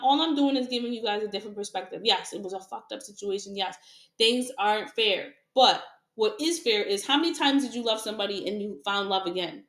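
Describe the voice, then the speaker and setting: Frank tarot reader woman, echoey room. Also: fairly high pitch. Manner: frank, repetitive, rhetorical questions, laughs often. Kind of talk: casual spoken reading to viewers.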